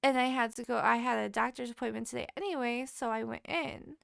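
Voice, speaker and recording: High, swearing, animated woman storyteller. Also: brisk, creaky, clean tone, no echo, clean studio sound. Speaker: podcast co-host. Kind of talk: casual chat.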